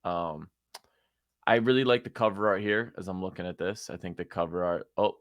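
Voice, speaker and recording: A man with a fairly low voice hosts a live stream and talks through a song review in a loose, casual way. His speech is full of "um" and "like". The sound is dry and close, with little room around it. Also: normal speed, no room sound. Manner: relaxed, many fillers like "um" and "like". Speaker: show host reviewing submitted music.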